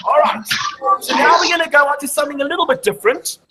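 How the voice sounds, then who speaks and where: A woman with a fairly high voice leads a lively maths lesson in a classroom, walking the children through each step and pausing to quiz them. The recording carries clear background noise and clicks. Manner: explains step by step, quizzing the class. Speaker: maths show presenter. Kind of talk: live maths show for schoolchildren.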